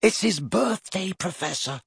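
Guy doing an exasperated teen boy wizard, a bit raised, urgent and pleading, lively. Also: a little high, normal speed, husky, no room sound, clean studio sound, heavily acted. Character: exasperated quick-thinking teenage boy wizard.

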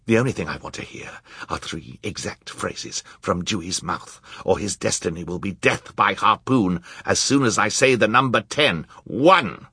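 A man's voice: fairly low pitch, normal speed, few pauses, pushed and bright, husky, dry recording, clean studio sound, full character voice. A man voicing a greedy, villainous count who snarls and roars threats in a storybook reading. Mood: menacing. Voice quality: snarling, menacing.

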